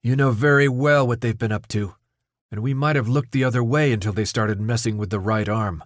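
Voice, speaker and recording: A man voicing a hard, scornful female guard in an audiobook, raising his pitch for her. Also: brisk, no echo, clean studio sound, lightly acted. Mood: taunting.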